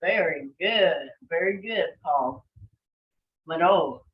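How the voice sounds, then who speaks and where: Patient language teacher, female, slow and warm-handed with corrections, dull call audio. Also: lowish voice, expressive. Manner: patient, encouraging, calls on students by name. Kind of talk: online language class. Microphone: video call.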